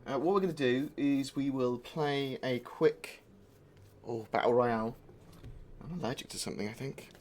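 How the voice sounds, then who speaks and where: A man's voice: mid-range voice, normal speed, darkish tone, slight background noise. A man streaming a video game live, chatting in a rambling, distracted way with plenty of asides. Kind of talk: live-stream chat while gaming. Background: faint music.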